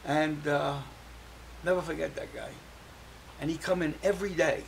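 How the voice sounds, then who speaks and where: An older man speaks in a gravelly voice that sits a little high for a man. He is a guest telling his life story on an interview show, and he acts out the voices of the people he quotes. A faint hiss runs under the recording. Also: normal speed, rough recording.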